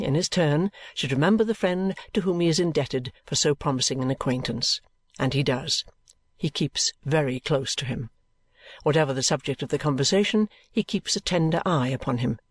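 A male audiobook narrator reading a classic novel in an even, measured storytelling manner. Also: a little high, no room sound.

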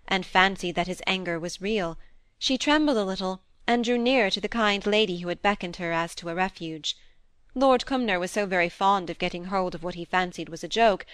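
A woman narrating a classic novel as an audiobook reader, in a measured, even storytelling manner. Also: mid-range voice, clean tone, no room sound. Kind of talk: scripted narration.

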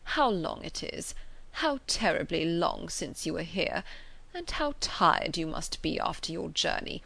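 Woman reading as a fussy, fretful old gentleman. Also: lowish voice, big pitch swings, measured pace, gravelly, full character voice. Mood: fretful fondness. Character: fussy anxious elderly gentleman, fond father.

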